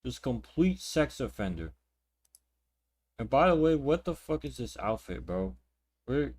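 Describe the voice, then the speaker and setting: Very animated yet unhurried, a young man's medium-pitched voice comes across a little mellow and husky as he reacts to clips. The reaction channel host rants indignantly and profanely, repeating words and restarting his sentences.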